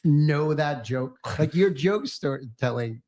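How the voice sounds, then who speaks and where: A man's voice: a little high, expressive, slow, darkish tone. A man co-hosting a podcast, reacting with teasing remarks in casual chat. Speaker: podcast co-host.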